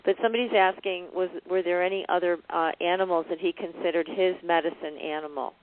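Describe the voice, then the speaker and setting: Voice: mid-range voice, fairly even intonation, quick pace. A host politely breaking in to pass along a listener's question. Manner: polite, apologetic interjections. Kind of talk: interview questions. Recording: phone-like line with faint noise.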